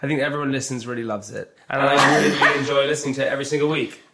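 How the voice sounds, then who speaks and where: A man guesting on a podcast, giving his opinions in a relaxed, talkative way. His voice sits at a middle pitch, and the recording is echoey with clear background noise. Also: racing. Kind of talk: casual chat.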